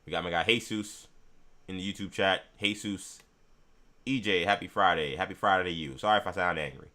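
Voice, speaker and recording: Deep-voiced, forceful sports talk host. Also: male voice, a little fast. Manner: animated, ranting. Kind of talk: live sports talk, reading chat.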